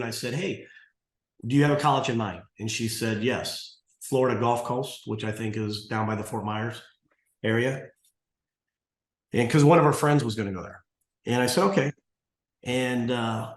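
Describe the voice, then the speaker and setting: Man, 60s, interview guest, rambling storyteller with restarts, echoey room. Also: medium pitch. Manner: rambling, restarts often, acts out dialogue. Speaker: martial arts school owner, guest. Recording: roomy echo.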